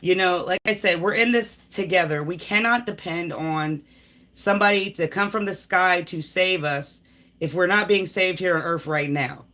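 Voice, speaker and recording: In a live tarot reading that doubles as a spiritual pep talk, a woman addresses the viewer directly in an emphatic, preachy manner, rambling, sighing and restarting. Her lowish voice is a bit bright and moves at normal speed.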